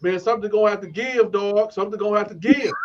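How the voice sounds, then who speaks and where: A man's voice: sits high, fairly quick, lo-fi sound, background noise. A man from Flint telling stories in a casual way, laughing often and acting out other people's voices. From Flint, Michigan. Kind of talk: casual storytelling.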